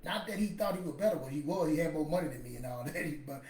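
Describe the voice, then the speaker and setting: A man's voice: fairly high pitch, fast talker, darkish tone, distant mic. Storytelling man in an echoey room. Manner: storytelling, rambling, emphatic and preachy. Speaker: podcast host. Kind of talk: casual motivational talk. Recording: echoey room with faint ambience.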